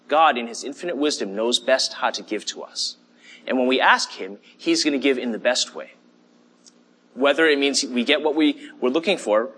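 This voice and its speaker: A man delivers a sermon in an easygoing, conversational way, often pausing to check in with his listeners. His voice has a bright edge and a husky grain. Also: medium pitch. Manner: conversational preaching with fillers and "okay?" check-ins. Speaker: pastor.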